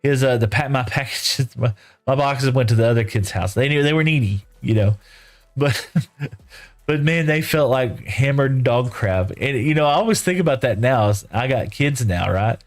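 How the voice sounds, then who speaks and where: A man's voice: medium pitch, lively intonation, normal speed. A middle-aged man from West Texas, telling a long rambling story in a folksy, casual way while streaming, full of "you know" and "right?".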